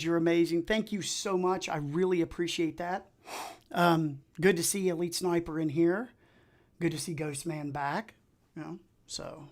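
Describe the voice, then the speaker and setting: A man hosting his own livestream, chatting and telling stories in a lively, talkative way. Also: high-pitched. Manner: energetic, chatty storyteller. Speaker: livestream host. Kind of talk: casual livestream chat.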